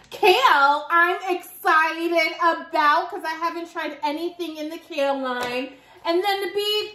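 Giggly high-voiced woman vlogger. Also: a bit bright, reverberant. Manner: chatty and giggly, talks to viewers. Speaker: beauty vlogger. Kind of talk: casual unboxing chat.

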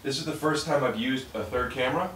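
A man's voice: medium pitch, quick pace, fairly bright tone. A man hosting a podcast from his living room, rambling and restarting as he chats with a guest. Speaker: podcast host. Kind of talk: casual chat. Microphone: podcast microphone.

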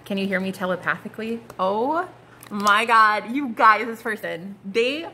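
A woman's voice: medium pitch, measured pace, sharp tone, slight background noise. A woman giving a casual, gushing tarot reading, full of slang and asides. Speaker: tarot card reader.

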